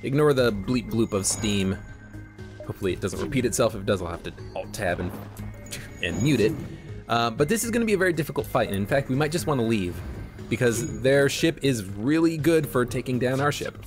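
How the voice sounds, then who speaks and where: A man's voice: mid-range voice, lively intonation, fairly quick, over music. A man giving casual let's play commentary, thinking aloud as he plays a strategy game at his desk mic. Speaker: gameplay commentator.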